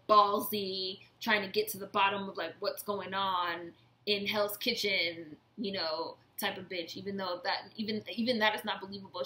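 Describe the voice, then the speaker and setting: A woman's voice: medium pitch, pushed and bright. A woman vlogger giving a blunt, profane, casual review rant. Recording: echoey room.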